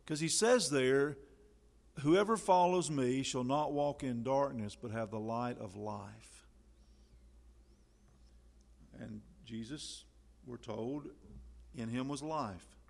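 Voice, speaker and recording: A man's voice: medium pitch, slow pace, creaky, long pauses. Man preaching a folksy sermon. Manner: conversational preaching with many fillers, rising loud on scripture.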